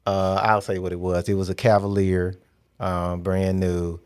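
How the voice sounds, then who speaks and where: A man's voice: low voice, little pitch movement, measured pace, darkish tone, smooth. A middle-aged man casually telling how he proposed, in a playful, joking way. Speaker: co-host telling his proposal story. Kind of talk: casual chat.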